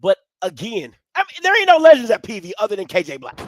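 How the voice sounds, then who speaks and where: A man hosting a live sports talk stream, swinging from low musing to loud, animated ranting. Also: fast talker, no echo. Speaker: sports commentary host.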